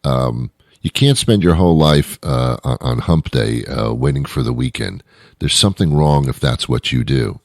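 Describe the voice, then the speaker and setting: A man's voice: rumbling low, sing-song, moderate pace, vocal fry, a little mellow, dry recording, clean studio sound. A man hosting his own show, rambling through a self-deprecating comic monologue with stumbles and restarts. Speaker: host. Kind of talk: comedic monologue.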